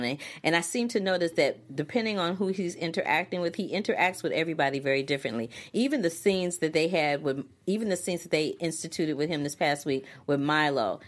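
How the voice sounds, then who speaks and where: A woman co-hosting a casual podcast chat about a soap opera, animated and quick to laugh. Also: low voice. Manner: animated, laughing, drawn-out reactions. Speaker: podcast co-host.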